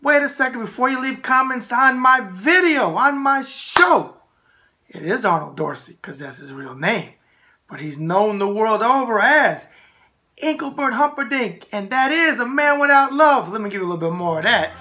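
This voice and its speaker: A brash, animated middle-aged man with a New York accent hosts a casual talk show. His voice is bright and punchy. He swings freely between loud bursts and low asides. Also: moderate pace. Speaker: host.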